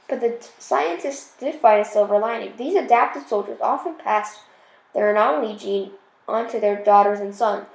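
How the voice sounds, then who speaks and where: A woman's voice: on the high side, creaky, roomy sound, rough recording. A woman reading a novel aloud, often stumbling and correcting herself as she goes. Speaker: audiobook reader.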